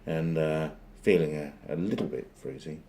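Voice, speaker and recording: A man telling a long, rambling joke, wandering into dry asides along the way. His voice is deep and mellow, with a faint hiss behind it. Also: normal speed. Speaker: joke teller. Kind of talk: rambling comic storytelling.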